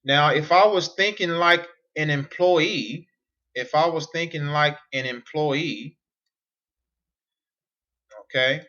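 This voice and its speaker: Male business coach, slightly high voice, drives points home with rhetorical questions. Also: takes it slowly, long pauses, sharp tone, muffled recording. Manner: repetitive, emphatic, asks rhetorical questions. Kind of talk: whiteboard teaching monologue.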